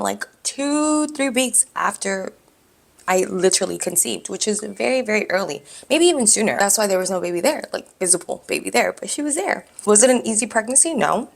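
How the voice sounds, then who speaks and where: A woman vlogger telling a personal story candidly, in an animated way. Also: medium pitch, gravelly. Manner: candid, animated, acts out dialogue.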